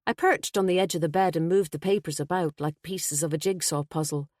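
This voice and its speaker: A woman with a fairly low voice reads a first-person mystery in a steady, measured way. The sound is dry and close, with no room around it. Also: no room sound. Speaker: audiobook narrator.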